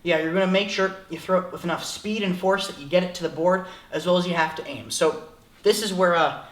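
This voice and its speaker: A man's voice: sits high, fairly even intonation, a little fast, a bit bright, roomy sound. A young man in his late teens giving a jokey tutorial, rambling and self-mocking, with lots of filler. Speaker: vlogger. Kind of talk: comedic tutorial.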